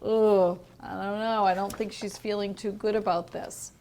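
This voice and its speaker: A woman teacher reading a picture book aloud to young children in a home learning video, gentle and asking the listener questions. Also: mid-range voice, level tone, moderate pace. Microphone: home video recording.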